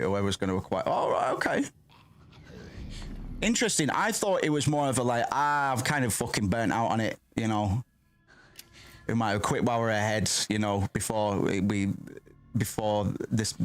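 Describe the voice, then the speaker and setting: Laid-back, low-voiced man rambling over gameplay. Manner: rambling, offhand, swears casually. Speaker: gaming streamer host. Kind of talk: casual let's-play commentary.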